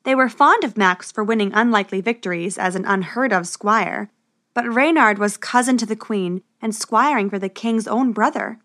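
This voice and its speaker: A woman narrating a storybook adventure in a steady, expressive way. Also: medium pitch, normal speed.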